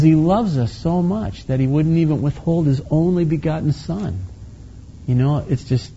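A man's voice: a little high, moderate pace, dark tone, slightly rough. A man preaching a conversational sermon in a casual, folksy way, with many asides and restarts. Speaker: pastor. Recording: slightly muffled lo-fi recording.

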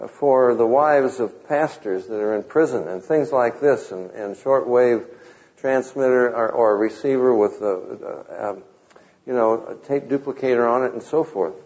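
A man's voice: medium pitch, unhurried, a little mellow. Wry male preacher, dull lo-fi sound. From Southern California. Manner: conversational, wry, quotes scripture. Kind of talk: sermon with humorous anecdotes. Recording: muffled lo-fi recording.

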